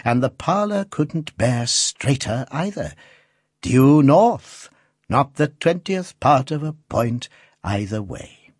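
A man's voice: medium pitch, animated, slow, a little mellow, breathy edge, dry recording, clean studio sound. A man reading the part of a good-natured old male instrument maker who muses and teases fondly. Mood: fond grumbling. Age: older. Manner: fussy, musing, kindly teasing.

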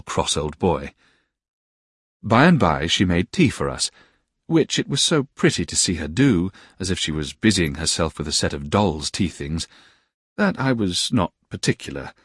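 A man reading a classic novel aloud with expressive storytelling. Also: sits low, husky, no room sound, clean studio sound. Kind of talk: audiobook narration of a classic novel.

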